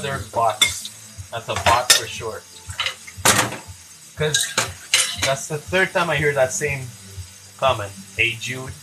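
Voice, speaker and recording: Bright-voiced joking man streaming live. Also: medium pitch, a little hiss or hum. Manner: joking, rambling, laughs a lot. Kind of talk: casual live-stream chat. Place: home kitchen.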